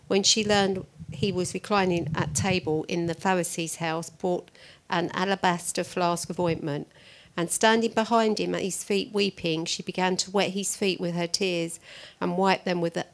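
Brief: a woman with a lower voice, a volunteer reading scripture at a church meeting, even and measured. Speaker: scripture reader.

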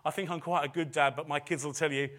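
A man's voice: on the high side, fairly even intonation, fast, a bit bright. A middle-aged man preaching a sermon in a chatty way, with self-deprecating asides and phrases repeated for emphasis. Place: church service.

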